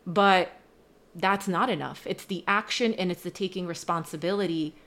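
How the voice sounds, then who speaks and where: A woman's voice: fairly low pitch, moderate pace, fairly bright tone. A woman speaking as a guest coach on a podcast, earnest and emphatic, building her points with growing force. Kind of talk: casual podcast chat.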